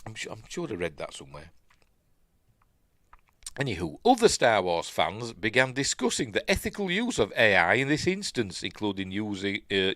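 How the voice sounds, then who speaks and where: Brief: Yorkshire man hosting a news stream, lowish voice, dry close sound, rambling chatty asides. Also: big pitch swings, moderate pace, a bit bright, dry recording. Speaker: live-stream news host. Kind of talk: casual live-stream news chat.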